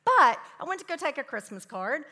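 A woman's voice: high voice, very animated, fairly quick, bright, forceful tone. Woman, 50s, Christian parenting talk, chatty storytelling, long echoing hall reverb. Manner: chatty storytelling with self-mocking asides. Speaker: parenting class teacher speaking to parents.

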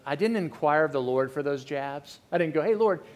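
A man's voice: fairly high pitch, a little fast. A middle-aged man preaching a sermon in a candid, conversational way, often restarting his sentences. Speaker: pastor.

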